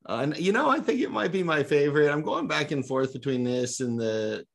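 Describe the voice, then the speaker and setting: Excitable man with a gravelly voice. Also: fairly high pitch, a little fast. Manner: animated, excitable. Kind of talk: casual group chat.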